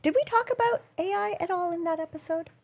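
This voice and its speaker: A woman's voice: extremely high pitch, fast talker. A woman co-hosting a podcast in casual chat, playful and self-mocking, rambling a little. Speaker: podcast co-host.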